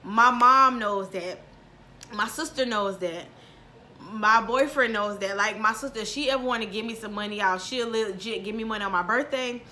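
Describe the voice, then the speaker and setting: Bright-voiced emotional woman vlogger. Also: medium pitch, moderate pace, slight background noise. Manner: heartfelt, says y'all often, near tears. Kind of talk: emotional casual chat to viewers.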